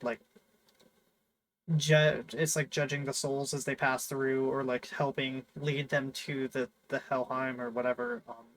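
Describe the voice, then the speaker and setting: A man's voice: mid-range voice, flat delivery, a little slow, a bit bright, low-quality recording. A man hosting a casual chat, rambling and enthusiastic, full of fillers and restarts. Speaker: host.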